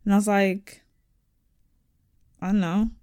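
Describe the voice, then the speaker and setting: A woman's voice: medium pitch, slow pace, no echo, clean studio sound. A young woman co-hosting a casual chat podcast, telling stories animatedly. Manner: animated, quotes others in put-on voices. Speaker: podcast co-host.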